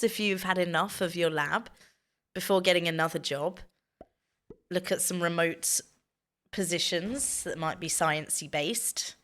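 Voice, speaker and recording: A woman chats casually with her stream viewers, telling stories and reading the chat aloud. Her voice is fairly low in pitch, with a pushed, bright quality.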